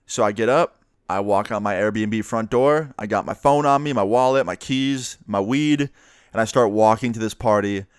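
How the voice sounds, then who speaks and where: A young man from the New York area tells a personal story in a chatty, profane, animated way. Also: lowish voice, moderate pace, clear, resonant tone, no room sound, clean studio sound. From New York area, USA. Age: young adult. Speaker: vlogger. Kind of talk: casual storytime monologue.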